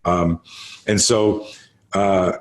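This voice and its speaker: A man in his late fifties with a fairly low voice talks as a podcast guest. He tells stories in a casual, animated way, leaning hard on key words and swearing freely as he explains martial arts training. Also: drawn-out words. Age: late 50s. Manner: animated, emphatic storyteller who swears freely. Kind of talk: casual storytelling interview.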